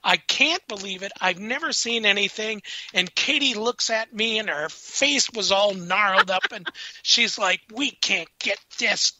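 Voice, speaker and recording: A man telling paranormal investigation stories in casual radio chat, animated and laughing as he acts out what people said. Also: high-pitched, a little slow, no room sound. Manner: animated, laughing storyteller acting out quotes. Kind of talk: casual storytelling on a radio show. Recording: dull, lo-fi radio sound.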